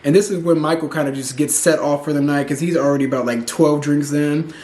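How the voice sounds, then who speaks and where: A man's voice: fairly high pitch, fairly even intonation, fairly quick, a little mellow, echoey room. A man giving a casual, opinionated recap of a reality TV episode, chatty and full of "like" fillers. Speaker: show recap host.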